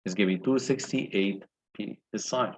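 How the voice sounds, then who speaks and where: A man's voice: lowish voice, moderate pace, breathy edge, low-quality recording. A male engineering lecturer walking through calculations step by step and asking the class questions. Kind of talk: recorded lecture walkthrough.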